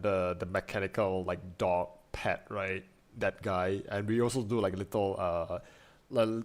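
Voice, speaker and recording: A young man streaming from his desk, talking loosely to his viewers. His voice sits a bit low, and he rambles through restarts and fillers as if thinking aloud. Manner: rambling, many fillers and restarts, frequent laughs. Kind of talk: casual stream chat.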